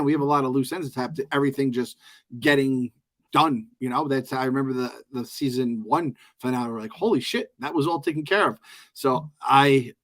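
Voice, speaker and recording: A man co-hosting a podcast, chatting loosely about a TV episode, joking and swearing often. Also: mid-range voice. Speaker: podcast co-host. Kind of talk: casual show recap chat.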